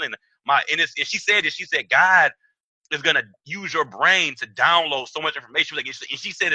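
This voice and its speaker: Young man, rapid excited storytelling, bright sharp voice, dry sound. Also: a little high, slightly rough, no echo, rough recording. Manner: excitable, acts out quoted dialogue in raised voice. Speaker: trading trainer. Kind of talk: animated storytelling talk.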